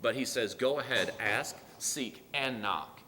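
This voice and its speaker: A man preaching a sermon in an earnest, pleading way, with loud emphatic bursts. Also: medium pitch, a little slow, slight background noise. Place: church sanctuary. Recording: long hall reverb.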